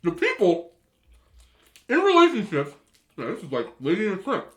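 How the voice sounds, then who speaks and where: A man's voice: high voice, wildly swooping pitch, normal speed, fairly bright tone. A man hosting a mukbang, giving opinionated casual rants while he eats and talks with his mouth full. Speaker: mukbang host. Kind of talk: casual ranting while eating.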